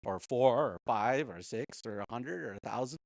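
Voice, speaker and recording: A man's voice: medium pitch, lively intonation, moderate pace, gravelly, no echo. A man teaching a casual language class, patiently repeating words and chuckling often.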